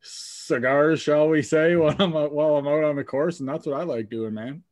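A man's voice: a little high, moderate pace, a little mellow, dry recording. Laid-back male podcast host. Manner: laid-back, laughs easily. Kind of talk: casual chat.

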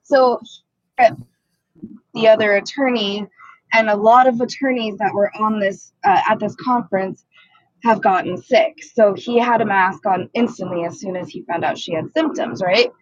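A woman's voice: medium pitch, steady tone, normal speed, no echo, highs cut off. A woman co-hosting a podcast, telling a story in casual chat and swearing a lot as she acts out the people in it. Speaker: podcast co-host.

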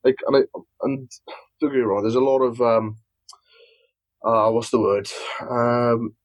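Man, South Welsh accent, husky voice, podcast guest, rambling casual chat, dry recording. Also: medium pitch, fairly even intonation, measured pace, no room sound, lo-fi sound. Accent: South Wales. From Swansea, Wales. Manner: rambling, many restarts and fillers. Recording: dry close mic.

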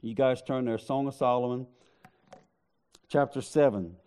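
A man's voice: mid-range voice, unhurried, warm tone, clear, resonant tone. A man preaching a sermon, joking with the congregation in a conversational way. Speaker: pastor.

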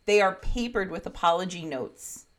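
Lower-pitched woman telling a story. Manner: animated, swears, does quick impressions. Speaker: podcast co-host. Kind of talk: casual storytelling chat.

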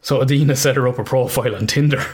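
A man's voice: mid-range voice, steady tone, racing, darkish tone, breathy edge. Laughing Irish man telling stories. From Ireland. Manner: laughs often, swears casually, tells stories animatedly. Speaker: podcast co-host. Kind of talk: casual chat.

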